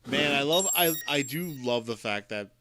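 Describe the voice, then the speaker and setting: A man casually commenting as he plays a game on stream, often exclaiming loudly when things go wrong. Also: mid-range voice, moderate pace, a little hiss or hum. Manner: excitable, reacts loudly with shouts and gasps.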